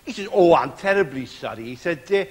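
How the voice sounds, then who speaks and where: Male actor as a down-at-heel warm-up man, sing-song high voice, rambling and self-pitying. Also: expressive, brisk, natural voice. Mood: patter. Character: seedy middle-aged male warm-up comic, self-pitying, desperate. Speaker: warm-up comedian. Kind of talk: TV sketch comedy.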